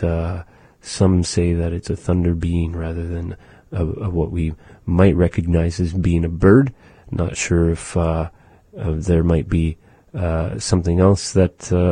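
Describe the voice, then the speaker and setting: Man, language teacher, deep dark husky voice, slow and measured, dry close sound. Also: dry recording. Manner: slow and measured, with many filler "uh"s. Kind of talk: language lesson.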